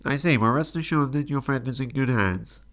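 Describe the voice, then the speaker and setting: A man's voice: mid-range voice, fairly quick, fairly bright tone, lightly acted. A man voicing a prim male doctor who talks in a businesslike way. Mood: matter-of-fact. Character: fussy male doctor of the mind.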